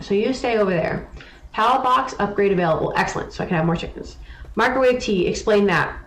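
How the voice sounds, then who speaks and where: A young adult woman streaming a game live, chatting casually and teasingly answering her chat. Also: medium pitch. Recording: echoey room with faint noise.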